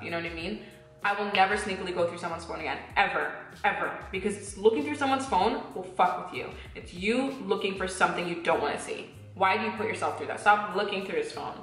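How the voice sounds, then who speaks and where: A young woman talks straight to a listener and gives blunt, unfiltered relationship advice, swearing easily and acting out the things people say. Her voice sits at an ordinary middle pitch. The room is echoey and faint music plays behind her. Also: fairly quick, a bit bright. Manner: blunt, candid, swears freely, acts out dialogue. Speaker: advice giver. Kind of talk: casual relationship advice talk.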